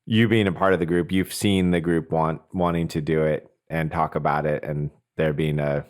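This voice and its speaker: A man with an extremely deep voice hosts a podcast conversation. He talks earnestly and reflectively, working his ideas out aloud with small restarts as he goes. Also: level tone, normal speed. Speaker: podcast host.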